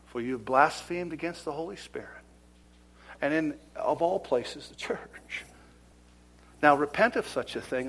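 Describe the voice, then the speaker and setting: A man preaching a fiery sermon in church, swinging between loud emphatic declarations and hushed whispers. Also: medium pitch, normal speed, slightly rough. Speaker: pastor. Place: church service.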